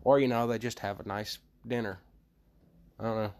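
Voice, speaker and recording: A man co-hosting a podcast, talking loudly and cracking crude jokes in casual banter. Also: lowish voice, fairly even intonation, moderate pace. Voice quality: loud, crude and joking. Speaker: podcast co-host.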